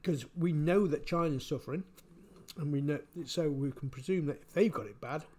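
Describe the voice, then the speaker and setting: A man giving casual spoken commentary, halting and repeating his words, chuckling often. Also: fairly high pitch, dark tone. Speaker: vlogger.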